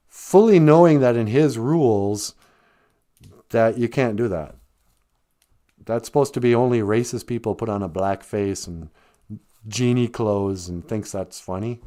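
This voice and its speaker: A man's voice: medium pitch, dark tone. Brief: male stream host, rambling comedic chat, laughs at his own jokes, mid-range voice. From Ojibwe reservation, US. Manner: joking, rambling, laughs often.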